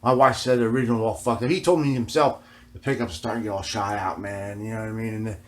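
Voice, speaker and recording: A man's voice: fairly low pitch, steady tone, fast talker. A man vlogging in a casual, rambling way, swearing often and ending nearly every phrase with "man". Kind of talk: casual rambling vlog talk.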